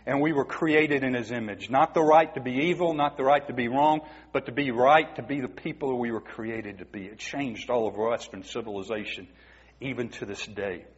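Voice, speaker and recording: A man's voice: medium pitch, moderate pace, breathy edge. A man preaching a sermon, emphatic and asking the congregation rhetorical questions. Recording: dull, muffled recording in a reverberant hall.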